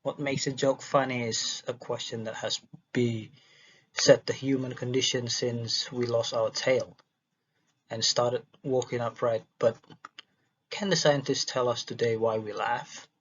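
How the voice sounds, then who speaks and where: A man's voice: medium pitch, fairly even intonation, measured pace, fairly bright tone, slightly rough. A man reading a dialogue transcript aloud for a listening exercise, stumbling and restarting words as he goes. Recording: dull lo-fi recording.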